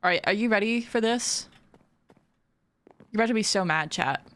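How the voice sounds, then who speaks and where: A woman plays a video game on stream, chatting casually with her viewers and giggling often. Her voice is medium-pitched and a little bright, at a normal speed.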